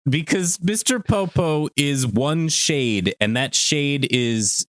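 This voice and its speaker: Animated, lively male podcast host. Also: a little high, slow pace, dry recording, clean studio sound. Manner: animated, swears casually, slips into jokey character voices when retelling scenes. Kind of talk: casual podcast chat.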